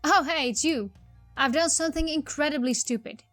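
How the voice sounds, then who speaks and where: A woman's voice: high voice, normal speed, fairly bright tone, no echo, faint music behind, pitched above the performer's own voice. A woman voicing a bumbling male police constable with a put-on Cockney accent, melodramatic and weepy, in a text game. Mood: distraught. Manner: weepy, melodramatic, rhyming slang.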